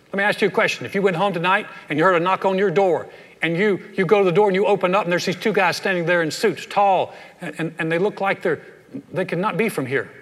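A man preaching a humorous sermon as a pastor, in a folksy, animated storytelling manner with frequent repeats. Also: high-pitched. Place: large church sanctuary. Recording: echoey hall with long reverb.

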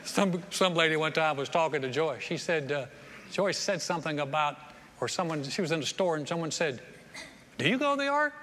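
A man preaching a lively sermon as pastor, repeating phrases and acting out other people's voices, on a stage microphone in a church auditorium. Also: a little high, fairly quick. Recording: long hall reverb, faint room noise.

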